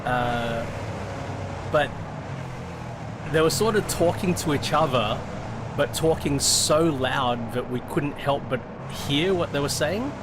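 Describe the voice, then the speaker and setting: A man's voice: a little high, slow, long pauses. A middle-aged Australian man telling a story in casual chat as a sim racing streamer, swearing freely and restarting his sentences often. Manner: profane, rambling, with frequent restarts. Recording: noticeable background noise.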